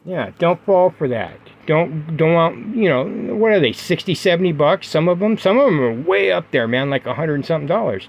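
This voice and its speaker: A man's voice: a little high, highs cut off. A middle-aged man giving casual vlog advice to his viewers, emphatic and repetitive, with lots of fillers. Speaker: gaming vlogger. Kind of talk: casual vlog talk to camera.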